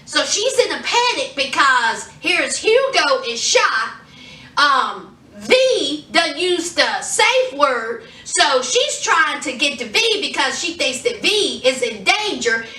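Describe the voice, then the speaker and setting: A woman recapping a TV episode in a casual, animated way, acting out the characters' lines. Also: high voice, slow, roomy sound, distant mic. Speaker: TV show reviewer.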